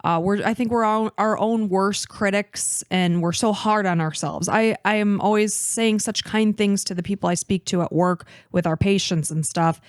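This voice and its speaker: A woman's voice: medium pitch, steady tone, moderate pace, hardly any pauses, no echo. Teary woman in her 30s hosting a podcast, dry close sound. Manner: emotional, talks openly about crying. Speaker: podcast host. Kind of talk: casual chat and case narration.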